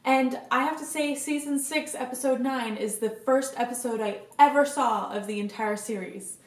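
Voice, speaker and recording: A woman's voice: a little high, normal speed. A young woman vlogger chatting casually to camera, gushing enthusiastically and swearing now and then. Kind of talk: casual fan chat to camera. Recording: echoey room.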